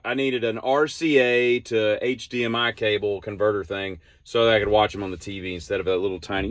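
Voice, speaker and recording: A man's voice: on the low side, no echo. A man telling a casual vlog story in a rambling, exasperated and sarcastic way. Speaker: vlogger.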